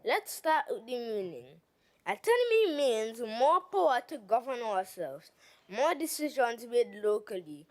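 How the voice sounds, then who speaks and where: A woman's voice: fairly high pitch, big pitch swings, unhurried, a little mellow. A young woman giving a persuasive formal debate speech as an assembly member in a legislative chamber, posing rhetorical questions.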